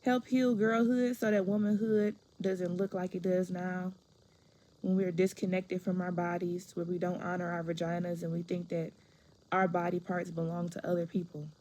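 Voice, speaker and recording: A woman's voice: on the low side, level tone, normal speed, mellow, slight background noise. A woman telling a personal story to camera in a frank, conversational way, often restarting and repeating phrases.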